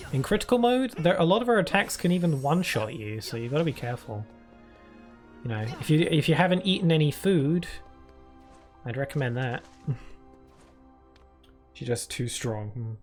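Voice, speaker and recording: A British man streaming a video game, chatting and rambling through casual commentary with frequent giggles. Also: a little high.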